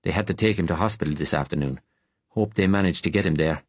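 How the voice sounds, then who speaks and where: A man voicing a gruff, worn-out working man who swears casually and talks in a low, rough register. The delivery is dry and close, plainly spoken with a weary edge. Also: fast talker, dry recording.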